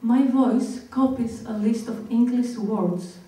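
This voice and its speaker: Dark-voiced woman performing in an echoing hall. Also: a little high. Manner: slow, deliberate, with long pauses. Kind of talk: staged spoken-word performance. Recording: very echoey hall, voice picked up from far off.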